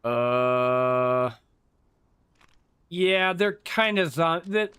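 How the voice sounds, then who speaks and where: A man's voice: a little high, expressive, very slow, pushed and bright, clear, resonant tone, no echo. A man streaming a game, chatting casually to himself with loose, profane asides and rambling stories full of restarts. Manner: loose and profane, mutters to himself while playing. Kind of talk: casual gameplay commentary.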